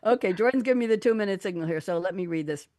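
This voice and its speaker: A woman's voice: mid-range voice, racing, darkish tone, dry recording. A woman hosting a live online talk show into a studio mic, playful and laughing, with theatrical readings. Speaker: radio talk show host. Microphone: studio condenser mic.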